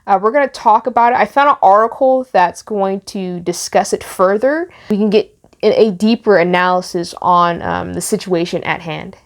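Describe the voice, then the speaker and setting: A woman's voice: medium pitch, moderate pace. A young woman vlogger giving heartfelt, rambling commentary on the news. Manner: emotional, rambling with restarts. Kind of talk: casual commentary.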